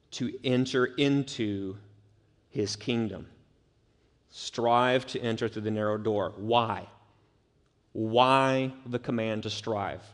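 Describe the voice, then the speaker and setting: Earnest preacher in an echoing hall. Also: male voice, mid-range voice. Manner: earnest, building to emphatic urgency. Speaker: pastor. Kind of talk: sermon. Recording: long reverb of a church hall.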